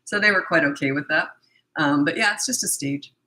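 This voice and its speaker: A woman's voice: deep voice, brisk, pushed and bright. A middle-aged woman with a scratchy throat, giving no-nonsense parenting advice in a casual question-and-answer session. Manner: blunt, no-nonsense, matter-of-fact.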